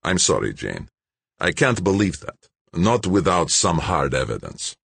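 Man playing a proud politician, formal and clipped, husky deep voice, lively delivery, dry. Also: measured pace, dry recording, full character voice. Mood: guarded, stern. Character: ambitious male politician, guarded and proud.

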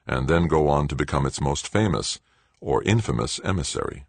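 A male audiobook narrator with a very deep, husky voice, reading in a steady, measured way. The recording is dry and close-miked. His pitch moves with lively inflection as he tells the story. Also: dry recording. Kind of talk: scripted narration.

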